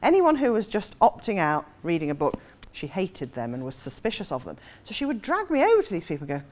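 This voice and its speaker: A woman's voice: lowish voice, wildly swooping pitch, fairly quick, a little mellow. A woman in her forties, an author, telling a self-mocking anecdote with frequent laughter. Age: 40s. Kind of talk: anecdotal storytelling.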